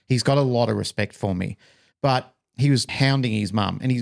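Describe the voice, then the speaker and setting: A man's voice: medium pitch, moderate pace, gravelly. A middle-aged Australian man on a podcast, casually telling a personal story and acting out the voices of people in it. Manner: animated storyteller, acts out quoted voices. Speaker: podcast co-host.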